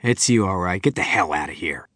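A man voicing an angry soldier prisoner in a crowded boxcar, loud, cursing and rude. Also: fairly low pitch, steady tone, unhurried, no echo, studio quality. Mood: hostile.

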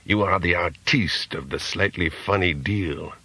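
A man voicing an ugly, gruff older bartender who teases a regular in an audiobook. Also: deep voice, unhurried, sharp tone, dry recording, full character voice. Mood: teasing. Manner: grunting, teasing.

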